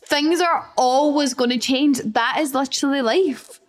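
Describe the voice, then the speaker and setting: A Scottish woman talks alone on her podcast in a fairly high voice. She is frank and self-mocking, acts out her own anxious thoughts, swears casually and fills her sentences with "like". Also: unhurried. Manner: swears casually, says "like" often. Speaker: podcast host. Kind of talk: solo casual chat.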